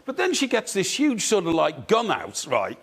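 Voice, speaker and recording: Man, newspaper reviewer, TV studio chat, lively swooping pitch, fairly high voice, laughs as he talks. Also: moderate pace. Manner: chatty, laughing, animated storyteller.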